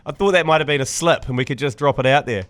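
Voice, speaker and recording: A man's voice: mid-range voice, a bit bright, dry recording. A man co-hosting a sports podcast, playful and teasing in casual banter. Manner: playful, quick to laugh and tease. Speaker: podcast co-host.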